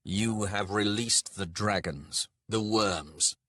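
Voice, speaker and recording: Gruff, impatient dwarf lords bark and curse with open contempt, as a man reads them. The voice is husky and low, recorded close and dry like an audiobook studio. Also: takes it slowly, no room sound. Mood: scornful. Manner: loud, swearing and scornful. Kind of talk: audiobook character voice.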